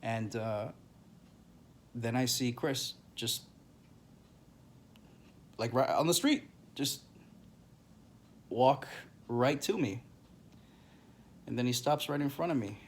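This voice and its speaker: A grieving man telling a personal story to camera in a halting, emotional way, with many pauses and restarts. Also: mid-range voice.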